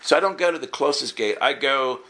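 A man preaching in a casual storytelling way, acting out the dialogue with sudden jumps in his voice. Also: fairly quick. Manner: animated storytelling, acts out dialogue with jumps in pitch. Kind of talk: storytelling sermon.

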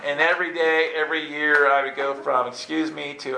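A man telling a funny personal story in an animated way, jumping into high squeaky voices to act out his younger self. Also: brisk, gravelly, noisy background. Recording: roomy echo, faint ambience.

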